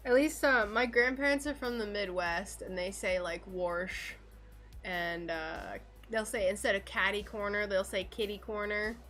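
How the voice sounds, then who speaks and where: A woman chatting casually with her live-stream viewers while she crafts stained glass, playful and quick to laugh. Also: mid-range voice, a bit bright, soft background music. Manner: chatty and playful, laughs often, talks to chat.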